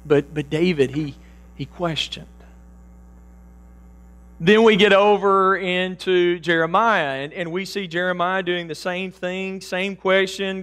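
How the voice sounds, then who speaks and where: A man in his forties preaching a sermon in a church, earnest and halting, often repeating his words. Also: high-pitched, steady tone, fairly bright tone. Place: church sanctuary.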